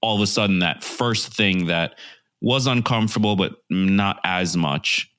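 Very deep-voiced male podcast host. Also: a bit bright, no echo, clean studio sound. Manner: thoughtful, summarizes slowly with restarts. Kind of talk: podcast interview.

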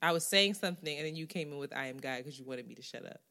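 A woman co-hosting a casual podcast chat, wry and teasing, often trailing off quietly in asides. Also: low-pitched, racing. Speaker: podcast co-host and editor.

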